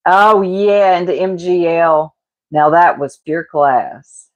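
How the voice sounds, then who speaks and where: A woman cooks while chatting with her livestream audience in a slow, fairly low voice with fairly even intonation, and the audio sounds dull. She gossips, laughs, and teases, calling her chat "y'all."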